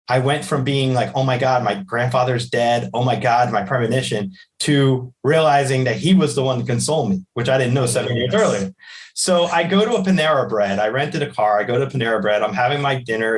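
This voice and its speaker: Animated man telling a personal story. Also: mid-range voice. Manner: animated, acts out the voices in his stories. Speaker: podcast guest, psychic medium.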